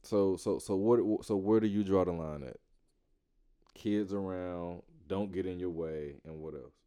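Laid-back man with a low, mellow voice. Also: a little slow, clean tone. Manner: animated, swears casually, acts out quotes. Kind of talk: casual chat.

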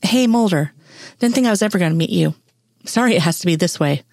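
A woman reading fan fiction aloud, voicing a kind young man who speaks in a quiet, gentle tone. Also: lowish voice, lively intonation, quick pace, no echo, studio quality.

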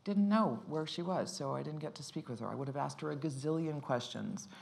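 Gravelly middle-aged actress, rambling. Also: female voice, deep voice, animated, fairly quick, darkish tone. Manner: rambling, self-interrupting, laughs often. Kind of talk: casual interview answers.

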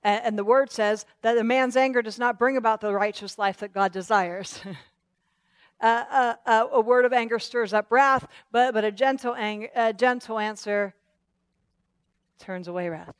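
A woman's voice: fairly high pitch, moderate pace, clear, resonant tone, no room sound. A woman preacher delivering an impassioned sermon, repeating phrases and restarting as she goes. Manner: impassioned, repetitive, stumbling restarts.

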